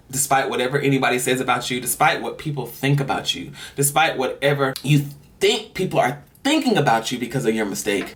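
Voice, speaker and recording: A man giving an earnest, rambling personal monologue as a vlogger, sighing between his thoughts. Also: mid-range voice. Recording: somewhat distant mic, faint music.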